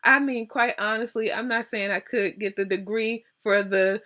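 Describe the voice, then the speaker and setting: A woman vlogger telling a casual story to camera, animated, acting out both sides of the conversations with laughs. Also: medium pitch, moderate pace.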